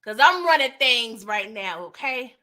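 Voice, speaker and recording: Cocky young crime boss as a woman puts him on, bossy, clipped, bright voice. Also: fairly high pitch, expressive, unhurried.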